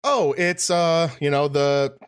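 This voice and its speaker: A man's voice: on the high side, takes it slowly, clear, resonant tone. A man co-hosting a podcast in casual chat, rambling and laughing through a story. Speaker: podcast co-host.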